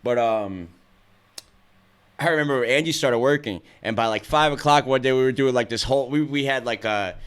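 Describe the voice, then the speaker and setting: A young man talking as a guest in a casual interview, telling stories fast with lots of swearing and acted-out quotes. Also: medium pitch, fairly bright tone, clean tone. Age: young adult.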